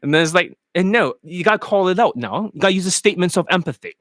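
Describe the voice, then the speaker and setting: A man giving a coaching rant as a dating coach, crude, animated and mocking. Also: high voice, fast, hardly any pauses, dry recording, clean studio sound.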